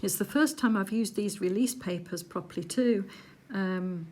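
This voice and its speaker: A woman chatting casually while she does a craft project at home, rambling along with little hushed asides. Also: mid-range voice, normal speed. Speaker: crafting vlogger. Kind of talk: casual chat while diamond painting.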